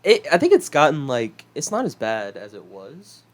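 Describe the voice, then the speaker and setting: A young man from South Carolina talks loosely with a friend on a podcast. His pitch jumps around a lot and he laughs easily. He swears casually and keeps a relaxed chatty tone. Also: normal speed. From South Carolina, USA. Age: young adult. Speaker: podcast co-host. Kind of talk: casual chat.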